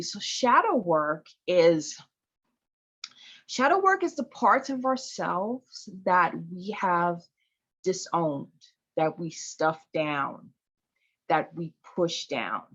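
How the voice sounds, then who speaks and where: A woman's voice: on the low side, fairly bright tone. Woman explaining on a dull call line. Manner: conversational, often tags "right?". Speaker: intuitive healer leading a discussion. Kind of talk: casual teaching talk on a group call. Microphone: video call.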